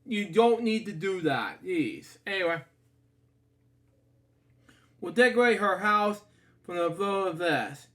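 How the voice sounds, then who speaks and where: Slow, high-voiced man reading a storybook. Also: animated, fairly bright tone. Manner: stumbling, chatty, breaks off to comment and apologize. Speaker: storybook reader. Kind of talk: casual read-aloud of a children's book.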